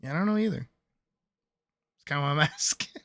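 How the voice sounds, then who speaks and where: A man chatting casually on a game stream, relaxed and talkative, answering chat and laughing often. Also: on the high side, a little fast, dry recording, studio quality.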